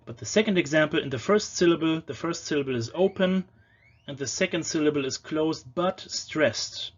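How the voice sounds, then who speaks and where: A man giving a patient lecture on ancient pronunciation, often slowing down to sound out single words. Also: fairly high pitch, animated, highs cut off. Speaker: language lecturer.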